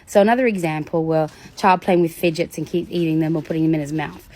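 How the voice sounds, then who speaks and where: A woman giving a casual educational talk about children, lively and storytelling, acting out examples. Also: fast. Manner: animated, acts out examples with big pitch jumps and laughs. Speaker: educator on demand avoidance in children.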